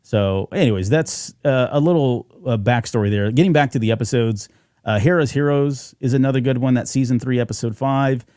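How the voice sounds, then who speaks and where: A man's voice: mid-range voice, a little fast, dark tone, dry recording, clean studio sound. A man co-hosting a fan podcast, chatting casually and rambling with fillers and restarts. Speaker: podcast co-host.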